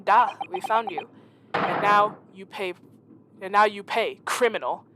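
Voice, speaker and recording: A woman putting on a mock-Russian gruff officer. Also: medium pitch, unhurried, background noise, lightly acted. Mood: accusing. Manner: clumsy, overdone, menacing.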